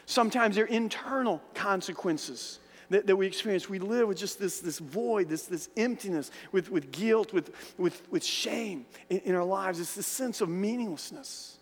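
A man's voice: high-pitched, moderate pace, few pauses. A man preaching a sermon, earnest and repetitive, sometimes acting out other people's words. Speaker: pastor. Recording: long hall reverb.

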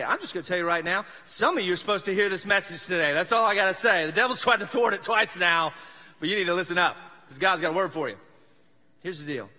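A South Mississippi pastor with a Southern accent preaches a casual, joking sermon in a church sanctuary, chatty and self-deprecating. His voice is a little high, bright and forceful, wrapped in long hall reverb.

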